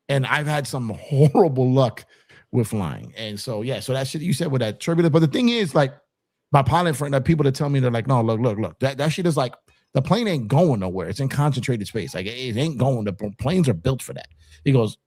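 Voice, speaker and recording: A man telling a profane, animated story in casual podcast talk. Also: mid-range voice, dry recording, studio quality. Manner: animated, profane, acts out quotes. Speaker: podcast co-host.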